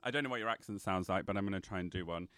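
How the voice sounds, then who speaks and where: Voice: sits low, racing, a bit bright, no room sound, studio quality. A podcast co-host bantering on a live show, teasing and giggling, and playing at funny accents.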